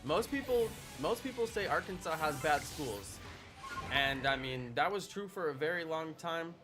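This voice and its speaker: A young man with a slightly high voice chats with his stream audience, playful and teasing. He talks in a loose, easygoing way. Music plays clearly behind him. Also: expressive, moderate pace. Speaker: live streamer. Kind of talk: casual chat with a live stream audience. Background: background music.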